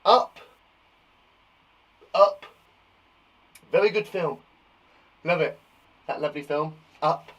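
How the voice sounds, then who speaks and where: A man's voice: fairly high pitch, takes it slowly, pauses often, a bit bright, highs cut off. A man teaching a spelling lesson to young children, jokey and encouraging as he reads out words. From England. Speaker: primary school teacher.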